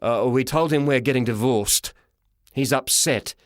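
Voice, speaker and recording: A man voicing a worried father speaking quietly and apologetically. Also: medium pitch, unhurried, no room sound, clean studio sound, pitched below the performer's own voice, natural voice. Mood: apologetic. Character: worried father defending his upset son.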